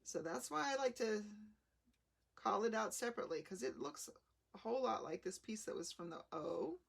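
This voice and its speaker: A woman hosting a live card-making demonstration, explaining each step in a chatty, unhurried way. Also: mid-range voice, expressive, gravelly, slightly rough. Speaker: craft demonstrator.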